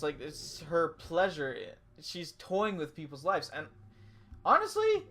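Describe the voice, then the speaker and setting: A man's voice: high voice, fairly bright tone. A man giving casual, jokey commentary while playing a story game, with goofy asides. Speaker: let's play gamer.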